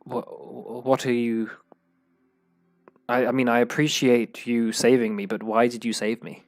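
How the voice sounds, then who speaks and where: A man voicing a slight, quiet man who is solemn and weary, speaking in a measured, hesitant way. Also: mid-range voice, level tone, dry recording, lightly acted. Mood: wary.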